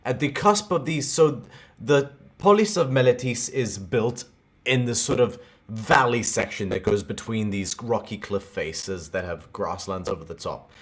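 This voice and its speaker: A man with a fairly low voice runs a tabletop game as game master. He sets each scene with long, vivid descriptions. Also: unhurried. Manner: descriptive, scene-setting narration.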